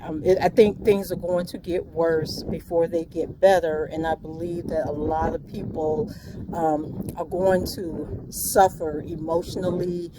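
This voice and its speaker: Middle-aged woman walking and rambling into her phone, lowish voice, lots of ums, outdoor traffic noise behind. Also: little pitch movement, measured pace. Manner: earnest, prayerful, many ums. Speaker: vlogger. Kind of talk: rambling walk-and-talk monologue. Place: outdoors on a morning walk by the bay.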